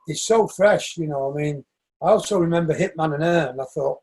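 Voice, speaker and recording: Gravelly, husky man in his sixties. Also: a little high, fairly quick, poor audio. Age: 60s. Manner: animated storyteller, acts out quoted voices. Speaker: shoemaker and dance coach. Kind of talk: casual interview talk.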